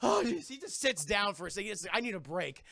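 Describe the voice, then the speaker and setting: A man's voice: high voice, sing-song, fast talker, vocal fry, bright, forceful tone, dry recording, exaggerated voice. A man voicing a panicked, exhausted young male soldier who swears as he flees. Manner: frantic, profane.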